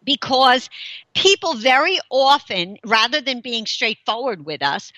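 A woman's voice: fairly high pitch, very animated, unhurried, pushed and bright, dry recording. A middle-aged woman hosting a talk show, chatting casually, laughing often and explaining with everyday examples. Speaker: host.

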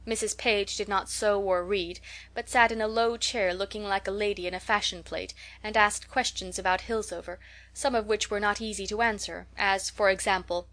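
A woman reads a classic novel aloud as an audiobook narrator. Her delivery is steady and even, and her pitch sits in the middle range for a woman. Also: moderate pace. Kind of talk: scripted narration.

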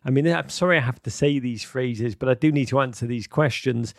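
A man hosting a live-streamed football chat, excitable and theatrical, swinging from outbursts to mock gloom with many ums. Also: mid-range voice, brisk, vocal fry, no room sound, clean studio sound. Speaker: host.

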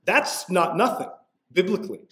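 A man's voice: high-pitched, very animated, moderate pace, sharp tone. A man preaching a sermon in a conversational way, often checking in with "right?" and acting out the people he quotes. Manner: conversational preaching, frequent "right?" asides, acts out quoted voices. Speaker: pastor.

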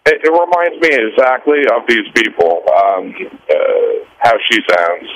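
A man's voice: mid-range voice, big pitch swings, a little slow, fairly bright tone, no room sound, rough recording. A man calling in to a radio show, talking casually and searching for his words. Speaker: caller. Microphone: phone line.

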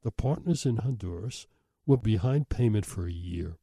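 A man's voice: fairly low pitch, expressive, normal speed, gravelly, warm tone, no room sound, studio quality. A middle-aged man, a host telling a story in a wry, self-deprecating way. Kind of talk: storytelling monologue.

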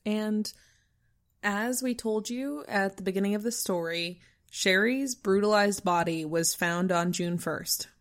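A woman co-hosting a true crime podcast, chiming in briefly and then narrating calmly. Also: mid-range voice, measured pace. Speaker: podcast co-host. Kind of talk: casual podcast chat.

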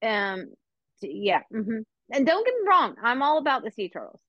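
A woman with a fairly high voice tells rambling stories in casual chat, animated and profane, laughing as she goes. The sound is dry and close, a little dull and lo-fi. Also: normal speed, dry recording. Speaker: podcast host.

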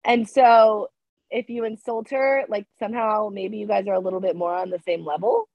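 A woman's voice: mid-range voice, fairly even intonation, normal speed, no echo. A woman co-hosting a podcast in casual chat, talking emphatically and repeating herself for emphasis, her voice sick. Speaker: podcast co-host. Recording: dry, dull lo-fi sound.

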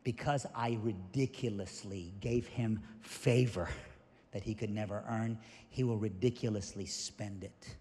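A preacher voicing a playful God. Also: male voice, lowish voice, fairly even intonation, unhurried, warm tone, in a large hall, natural voice. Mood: earnest. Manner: teasing, emphatic. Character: playful, amused God speaking to angels.

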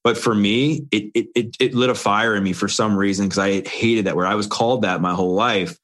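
A man's voice: lowish voice, steady tone, fairly quick, fairly bright tone. A man in an interview, earnestly telling his own story in short, run-on phrases. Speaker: interview guest. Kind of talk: candid personal storytelling.

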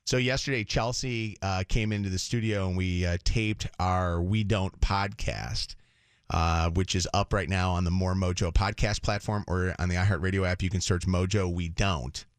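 A man's voice: sits low, fairly even intonation, normal speed, clear, resonant tone, dry recording. Rambling Detroit radio host man. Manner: rambling storyteller, laughs often. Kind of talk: casual morning radio chat.

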